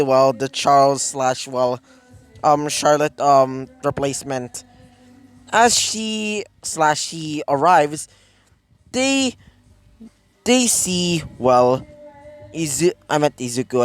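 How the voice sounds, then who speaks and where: A man's voice: a little high, clean tone. Rambling man improvising a fan story. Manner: rambling, self-correcting, many fillers.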